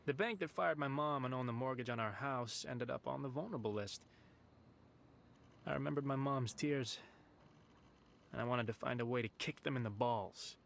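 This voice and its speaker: A gravelly young hacker narrating. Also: male voice, mid-range voice, moderate pace, slight background noise. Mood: wry. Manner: calm, wry first-person telling. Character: young male hacker plotting revenge. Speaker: narrator of a film. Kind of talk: film voice-over narration. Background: film score.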